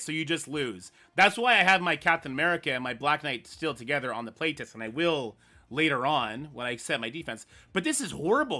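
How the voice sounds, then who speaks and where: A man streaming live gameplay, talking through his moves and ranting loudly at the game when it goes wrong. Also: a little high, brisk. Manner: excitable, swearing rants at the game; mutters strategy half to himself.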